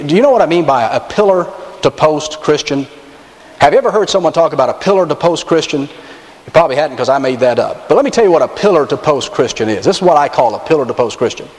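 A man preaching a sermon as pastor, animated and emphatic, with wry asides to the congregation. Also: fairly high pitch. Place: church sanctuary. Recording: long reverb of a large sanctuary.

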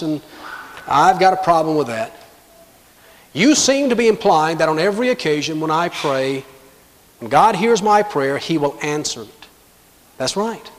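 A man with a high voice preaches an emphatic sermon as a pastor. He acts out the doubting voices of his congregation and answers them, and each word rings with a long reverb from a large hall. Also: lively intonation, normal speed. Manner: emphatic preaching that acts out imagined objections and God's replies.

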